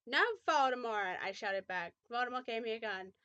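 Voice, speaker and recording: A woman's voice: on the high side, a little fast, bright, forceful tone, no room sound, highs cut off. A young woman reading a fan fiction aloud with mock drama, often breaking off to make sarcastic remarks.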